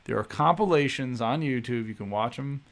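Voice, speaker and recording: A man's voice: mid-range voice, brisk, gravelly. A man from Chicago hosting a podcast, asking teasing questions in an easygoing, casual manner. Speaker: podcast host. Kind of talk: casual interview chat.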